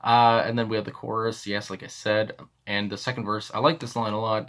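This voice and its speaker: A man's voice: on the low side, flat delivery, moderate pace, fairly bright tone. A man with a Canadian accent, hosting a music reaction video in rambling, casual commentary full of fillers and chuckles. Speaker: music reaction channel host.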